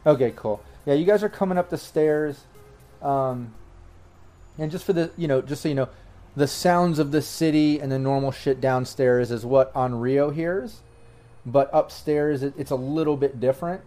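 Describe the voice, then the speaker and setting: A man narrating as game master in a tabletop role-playing game, rambling and filling pauses with "um" and "like" as he describes scenes. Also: mid-range voice, dark tone, faint music behind. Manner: rambling, full of fillers and restarts.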